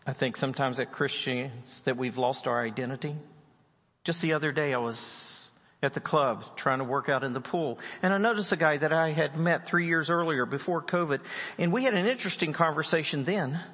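Husky preacher in a reverberant church. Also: male voice, on the high side, normal speed, a bit bright. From West Virginia. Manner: storytelling preacher, acts out the people in his stories. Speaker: pastor. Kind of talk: sermon.

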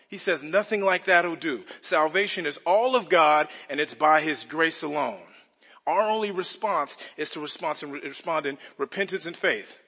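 A male pastor preaches in a bright, slightly husky voice with a fairly high pitch. He delivers an earnest, expository sermon full of rhetorical questions. The sound carries a long reverb from a large church sanctuary.

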